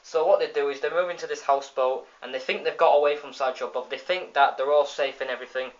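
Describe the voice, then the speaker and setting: A man of ordinary middle pitch talks casually through a cartoon episode's plot. He rambles, trips over his words and starts sentences again. The sound is dull and lo-fi, as if from a phone. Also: steady tone, fast. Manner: rambling retelling with many restarts and fillers. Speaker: episode reviewer. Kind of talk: casual spoken episode review.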